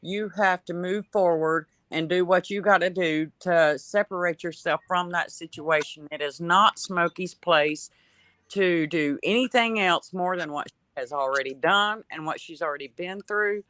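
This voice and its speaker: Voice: medium pitch, measured pace, bright, forceful tone, no room sound. A co-guest speaking firmly and bluntly, giving strong opinions. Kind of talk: talk-show commentary.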